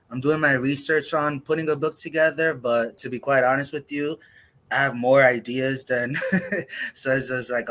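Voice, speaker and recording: This spoken word performance comes from a man of half Dominican and half Puerto Rican descent who grew up in the US. He reads in a measured, reflective way, pausing often, with a mid-range, slightly bright voice.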